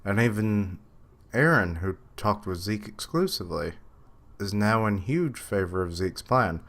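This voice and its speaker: A man with a low, deep voice reacts live while reading a comic. He thinks out loud, muses over what he reads and corrects himself along the way. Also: animated, unhurried. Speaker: reaction streamer. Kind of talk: live reaction commentary, reading manga aloud.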